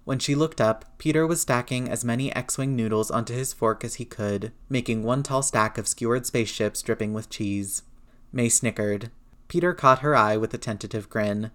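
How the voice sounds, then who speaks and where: A woman's voice: extremely low pitch, normal speed. Woman narrating a story steadily. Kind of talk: audiobook narration.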